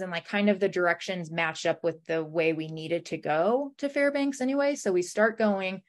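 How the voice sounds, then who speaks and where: Young woman telling a story, lower voice. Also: moderate pace. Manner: emotional, many "like" fillers, reenacts dialogue. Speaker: guest. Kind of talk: personal storytelling in a podcast conversation.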